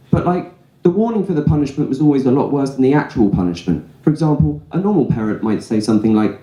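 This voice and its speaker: Young male stand-up, warm mellow tone, casual storyteller, live club room echo. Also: on the high side, expressive, quick pace. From England. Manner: conversational storytelling with frequent "right?" asides. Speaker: stand-up comedian. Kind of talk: stand-up comedy set. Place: comedy club stage before a laughing audience.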